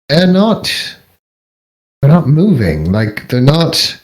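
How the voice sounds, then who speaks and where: A man narrating as game master of a tabletop game, halting and searching for words. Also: mid-range voice, low-quality recording. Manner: halting, full of ums and restarts.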